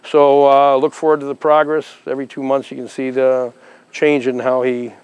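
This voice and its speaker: A man's voice: medium pitch, monotone, normal speed, a little mellow, clear, resonant tone, dry recording, rough recording. Man calling commands to a dog. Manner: repeated short commands and praise to a dog; casual explaining between commands. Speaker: dog trainer. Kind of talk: dog training demonstration with commentary.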